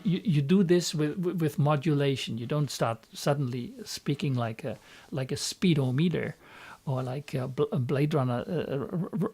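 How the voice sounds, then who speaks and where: A man's voice: a little high, darkish tone. A man coaching other coaches in an instructional live stream, talking earnestly and often repeating words as he restarts. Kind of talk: instructional talk.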